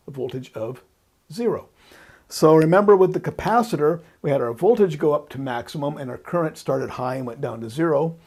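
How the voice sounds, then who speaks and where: Husky-voiced man teaching electronics. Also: fairly high pitch, darkish tone. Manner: patient, repeats key points, thinks aloud. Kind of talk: explaining while drawing on a board.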